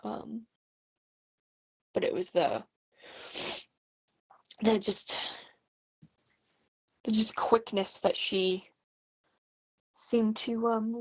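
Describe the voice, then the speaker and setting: A woman who vlogs about books leaves a casual voice message through a phone messaging app, talking about what she's reading. Her mid-range voice comes across as earnest, rambling, and hesitant, and the recording is dry.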